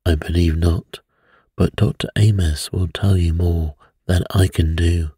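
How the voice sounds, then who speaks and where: A man reading a bedtime story voices a grave, steadfast British museum expert who speaks in a measured, formal way. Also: low voice, fairly even intonation, dark tone, husky, no echo, clean studio sound, full character voice.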